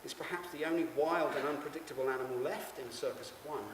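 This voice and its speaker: A man's voice: fairly high pitch, fast talker, background noise. A man giving a rambling, stammering stage monologue, addressing the audience directly. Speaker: stage performer. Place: performance stage in a hall. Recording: echoey hall, mic far off.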